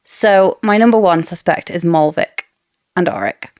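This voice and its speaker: A woman's voice: on the low side, unhurried, darkish tone, dry recording, studio quality. A woman co-hosting a casual book discussion podcast, chatty and theorizing with frequent laughs. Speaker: podcast co-host.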